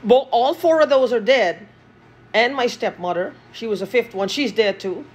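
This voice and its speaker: A husky woman, in an agitated vlog monologue. Her voice sits fairly high, and she swears and repeats phrases over and over. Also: moderate pace. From Guyana. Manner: agitated, profane, repeating herself.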